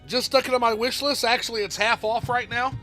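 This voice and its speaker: A man's voice: very high voice, fairly even intonation, brisk, bright, forceful tone, soft background music. A man hosting a casual gaming chat, reading in-game news aloud in an enthusiastic, chatty way. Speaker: host.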